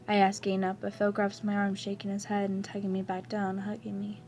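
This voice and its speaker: A woman reading fan fiction aloud as the story's narrator, her voice at a middle pitch and her delivery soft and even. She keeps a steady storytelling rhythm. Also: fairly quick, a little hiss or hum. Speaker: story reader.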